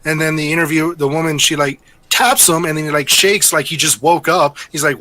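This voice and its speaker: Man, podcast co-host, bright tone, fairly high voice, rambling storyteller. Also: steady tone, fairly quick. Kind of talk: casual chat, storytelling.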